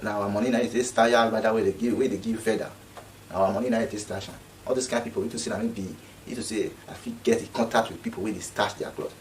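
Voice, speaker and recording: A man's voice: on the low side, a little mellow, far from the mic, a little hiss or hum, rough recording. A man speaking Nigerian Pidgin English, giving an indignant, repetitive casual commentary. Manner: indignant, repeats himself.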